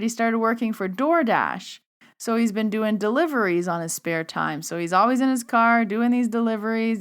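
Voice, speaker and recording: A woman podcast host telling a story and acting out both sides of a conversation with lively quoted dialogue. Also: a little high, clear, resonant tone. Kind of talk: storytelling monologue.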